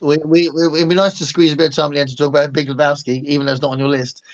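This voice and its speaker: A man's voice: fairly high pitch, level tone, racing. A man hosting a casual chat, enthusiastic, with lots of fillers and restarts. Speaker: host. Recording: dull lo-fi sound.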